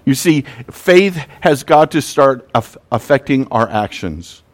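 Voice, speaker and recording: A man delivers a sermon at an unhurried, measured pace, leaning on each phrase. He tells stories and slips into the voices of the people in them, sounding like a preacher talking to his congregation. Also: mid-range voice, lively intonation. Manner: preaching with scripture readings and sung verses. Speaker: pastor.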